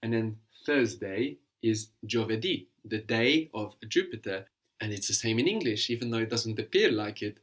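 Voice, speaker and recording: A man's voice: on the low side, lively intonation, normal speed, a bit bright. A man teaching a language lesson, patiently explaining words and prompting his student to translate.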